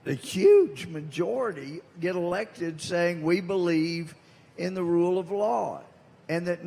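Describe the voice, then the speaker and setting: A man's voice: fairly high pitch, a little mellow. An older man with a Southern US accent giving a speech as a congressman, telling folksy anecdotes and landing emphatic punchlines. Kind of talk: speech to a live audience. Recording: long hall reverb.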